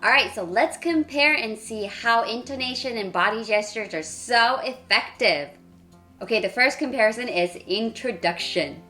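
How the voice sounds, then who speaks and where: A woman in her thirties from Wales, giving a clear, expressive English lesson to camera. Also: on the high side, moderate pace, soft background music. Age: 30s. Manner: clear, expressive teaching delivery. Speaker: English teacher.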